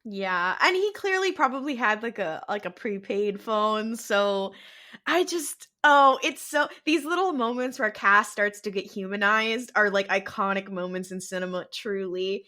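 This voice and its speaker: A woman's voice: medium pitch, a little slow. A young woman co-hosting a podcast, casually retelling TV scenes and acting out the characters' lines. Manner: animated retelling with quoted voices and laughter. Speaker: podcast co-host. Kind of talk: casual recap chat.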